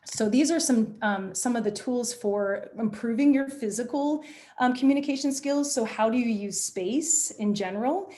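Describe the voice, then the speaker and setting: A woman leading an online workshop on presentation skills, speaking in an energetic, demonstrative way over a video call. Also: a little high, moderate pace. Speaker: presentation coach.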